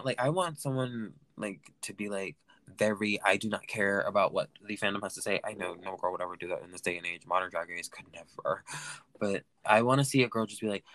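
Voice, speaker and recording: A man hosting a solo recap podcast, talking in a campy, chatty way that swings between loud gushing and mumbled asides. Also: lowish voice, fairly quick, no echo. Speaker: podcast host.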